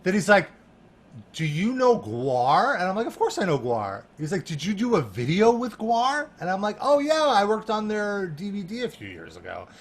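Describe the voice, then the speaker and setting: A man guesting on a podcast, telling an animated story with laughter and lots of "like" fillers. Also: high voice, moderate pace. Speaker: guest, music journalist.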